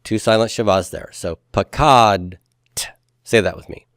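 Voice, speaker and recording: A man's voice: on the low side, fairly quick, no room sound, studio quality. A man teaching a grammar class in a patient, step-by-step way. He has the students repeat forms after him and uses folksy comparisons. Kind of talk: classroom lecture.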